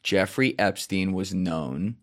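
A podcast host chats casually, swearing freely and doing the voices of the people he quotes in an animated story. His voice is low-pitched and he takes his time.

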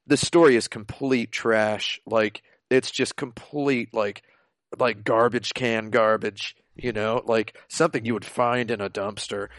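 A man co-hosting a casual podcast, talking excitably and rambling through stories over an online call. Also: on the low side, a little slow, no echo. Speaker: podcast co-host. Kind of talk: casual chat. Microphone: online video call.

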